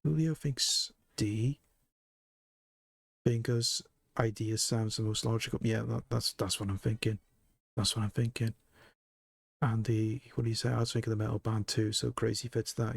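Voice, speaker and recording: A man's voice: mid-range voice, gravelly, husky, no room sound. A man streaming live, chatting casually with viewers, joking and laughing often.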